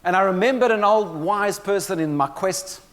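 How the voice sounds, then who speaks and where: A motivational speaker gives a keynote on stress in a high, slightly bright voice at a normal pace. He tells stories with dry humor and talks straight to the audience, and a long hall reverb trails his words.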